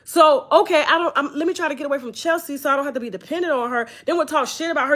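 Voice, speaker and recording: A woman, hosting a blunt, profane, animated storytime commentary. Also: sits high, rapid-fire, hardly any pauses. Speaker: commentary channel host.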